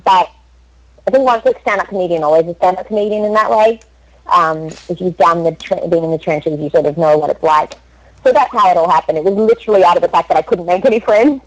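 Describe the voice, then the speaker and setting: An Australian woman, a voice actress and comedian, chatting in an animated, storytelling way in an interview. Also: lowish voice, fast talker. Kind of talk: casual interview chat. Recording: dull lo-fi recording.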